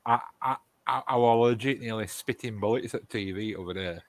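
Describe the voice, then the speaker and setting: A man's voice: lowish voice, brisk. A man bantering in a casual chat, joking and swearing.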